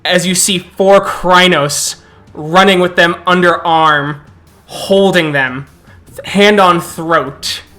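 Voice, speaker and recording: Game master: slow, bright, forceful, laughs often, light music. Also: medium pitch, steady tone. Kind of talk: narrating a tabletop game.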